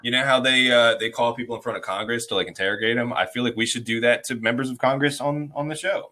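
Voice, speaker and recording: A man's voice: mid-range voice, fairly even intonation, fast talker, few pauses, sharp tone. A man co-hosting a podcast, joking and bantering in casual chat. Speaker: podcast co-host.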